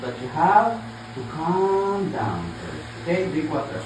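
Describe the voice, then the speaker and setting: Gentle but firm mother, echoey room. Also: sits low, sing-song, a little slow. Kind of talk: home vlog talking to her child. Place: living room at home. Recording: echoey room, far from mic, background noise.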